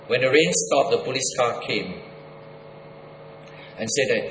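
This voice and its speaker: A man preaching his own testimony to a congregation, emphatic, repeating and restarting words as he swings between loud high bursts and low quiet lines. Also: a little slow, long pauses, a little hiss or hum. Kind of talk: sermon testimony. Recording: echoey hall with long reverb, faint ambience.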